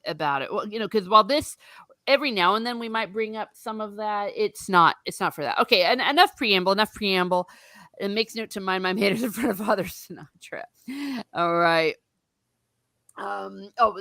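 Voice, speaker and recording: A woman hosting a book discussion in casual chat, laughing often and throwing in quick asides. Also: medium pitch, pushed and bright, no echo.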